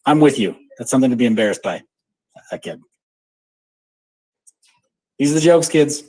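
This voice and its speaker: A man hosting a casual live audio chat, joking and animated as he talks. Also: mid-range voice, moderate pace, poor audio. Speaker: show host.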